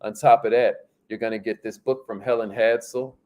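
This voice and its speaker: A man's voice: medium pitch, steady tone, moderate pace, a little mellow. Upbeat slangy man hosting a livestream. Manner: upbeat, slangy, laughs often. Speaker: livestream host. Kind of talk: casual livestream chat reading viewer comments.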